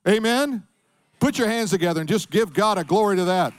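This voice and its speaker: A man's voice: high-pitched, expressive, a little fast, slight background noise. A middle-aged man preaching a sermon, emphatic, calling on the congregation to answer back. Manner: emphatic preaching with call-and-response. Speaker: pastor.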